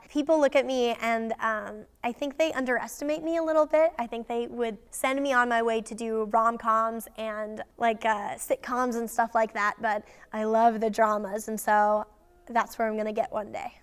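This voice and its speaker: A woman's voice: fairly high pitch, little pitch movement, moderate pace, clear, resonant tone. A young adult woman speaking in a casual interview about her acting career, bubbly and enthusiastic. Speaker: actress interviewee.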